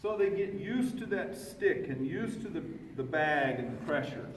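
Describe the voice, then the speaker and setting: Calm horse trainer, slow soothing commentary, recorded from a distance in a noisy, reverberant arena. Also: male voice, fairly high pitch. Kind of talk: training demonstration. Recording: echoey arena, far from the mic, ambient noise.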